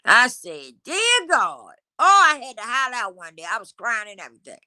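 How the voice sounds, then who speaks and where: A woman's voice: mid-range voice, lively intonation, fast talker, pushed and bright, dry recording. A middle-aged woman, hosting a casual livestream in a loose, preachy way and now and then singing snatches of a song. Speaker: livestream host.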